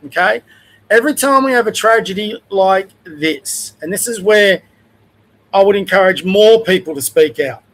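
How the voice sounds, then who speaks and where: Older aussie bloke ranting on his livestream, higher voice, blunt and chatty. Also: fairly bright tone, poor audio. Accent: Australian. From Australia. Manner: blunt, conversational, opinionated. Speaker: livestream host. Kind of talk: opinion rant livestream.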